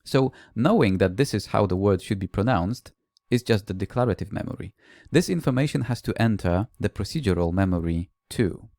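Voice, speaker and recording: A man with a fairly low voice presents at a language-teaching conference, explaining calmly and telling classroom stories with a few "uh" fillers. The sound is dry and close, with no room echo. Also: brisk, hardly any pauses.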